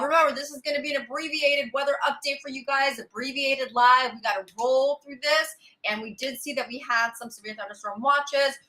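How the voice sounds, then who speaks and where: A woman's voice: fairly high pitch, sharp tone, low-quality recording. A woman hosting a weather live stream, chatting casually, greeting viewers by name and laughing often. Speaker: weather livestream host.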